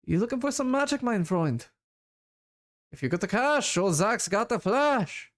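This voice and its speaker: A man's voice: mid-range voice, lively intonation, normal speed, smooth, lightly acted. A man voicing a scrawny, cheerful street elf drug dealer with sly, boastful sales patter, reading a video game aloud. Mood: wheedling.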